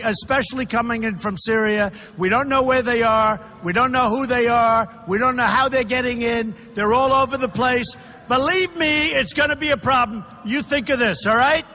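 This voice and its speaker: A political candidate gives an emphatic campaign rally speech in a large indoor arena, repeating himself as he addresses the crowd directly. His voice is extremely high, pushed and bright, and the recording carries echoey arena reverb plus a little hiss or hum.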